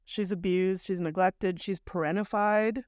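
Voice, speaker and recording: A woman's voice: mid-range voice, fairly even intonation, a little slow, a little mellow, no room sound, clean studio sound. A woman co-hosting a podcast, recounting a story in long chatty chains and speaking bluntly, with mild swearing. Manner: conversational, recounting events in long run-on chains. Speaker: podcast co-host. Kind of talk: casual chat recapping a story.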